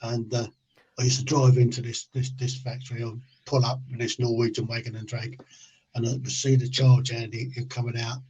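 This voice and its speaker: An English man in his fifties hosting a podcast, chatty and quick to laugh as he tells anecdotes. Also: medium pitch, level tone, mellow, a little hiss or hum. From England. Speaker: podcast host. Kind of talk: casual interview chat. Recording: dull lo-fi sound.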